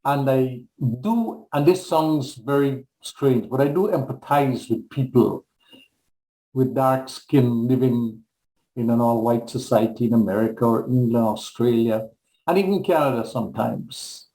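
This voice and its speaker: An older man from the Caribbean reading his poems aloud on a video call, in a measured and deliberate way. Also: mid-range voice, warm tone, roomy sound, rough recording. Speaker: guest poet. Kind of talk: poetry reading.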